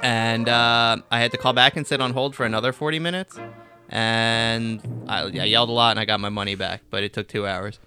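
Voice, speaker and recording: A man of mid pitch telling a grievance at length in casual podcast talk. He speaks in a dry, sardonic way, slipping in deadpan jokes. Music is clearly audible underneath. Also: a little fast. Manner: dry, sardonic quips and long aggrieved rants. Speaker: podcast co-host.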